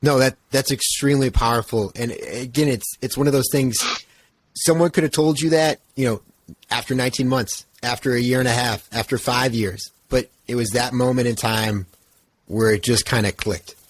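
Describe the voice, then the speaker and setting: A man's voice: mid-range voice, normal speed. A man hosting a podcast interview, reflecting back on his guest's story in an affirming way. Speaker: podcast host.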